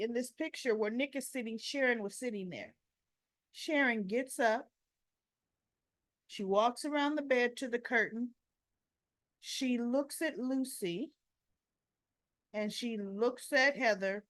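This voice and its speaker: A woman's voice: a little high, slow pace, long pauses, a bit bright, no room sound, studio quality. A woman hosting a casual soap opera recap vlog, giving strong opinions and retelling scenes with quoted dialogue.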